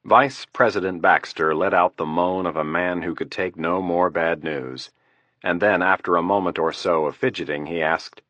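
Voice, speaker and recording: A man narrates an audiobook in a steady, measured way. His voice sits low. The recording is dry, with no room sound. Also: dry recording, muffled recording.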